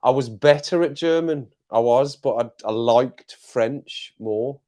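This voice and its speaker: A man's voice: medium pitch, slow, dark tone. A man hosting a casual live chat, playful and chuckling often as he tries out phrases. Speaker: livestream host.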